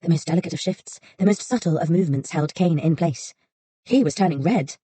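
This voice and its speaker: A woman narrating an audiobook in a soft, unhurried storytelling manner. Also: deep voice, breathy edge, dry recording.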